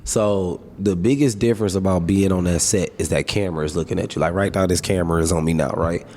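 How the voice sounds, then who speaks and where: A man talks as a podcast guest, loose and slangy, spinning stories about film sets. His voice sits fairly low. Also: quick pace. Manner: relaxed storytelling, slangy, animated asides. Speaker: guest, comedian and actor. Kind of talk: casual interview chat.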